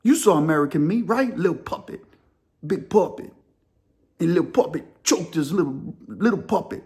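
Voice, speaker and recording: A man's voice: a little high, animated, normal speed, darkish tone. Slangy, emphatic male storyteller. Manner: slangy, emphatic, asks pointed rhetorical questions. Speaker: host of a crime and prison storytelling channel. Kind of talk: casual street-style storytelling.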